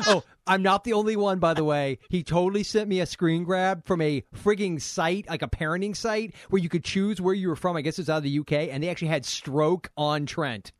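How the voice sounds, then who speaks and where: A man's voice: high-pitched, no echo, studio quality. A man co-hosting a podcast, teasing his co-host and laughing often in casual banter. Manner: joking, teasing, quick to laugh.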